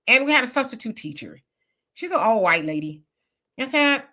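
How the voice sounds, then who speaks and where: Woman co-host, bright and slightly high, reads chat comments, tells lively stories. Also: normal speed, pauses often. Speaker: co-host reading live chat. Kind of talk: casual livestream chat.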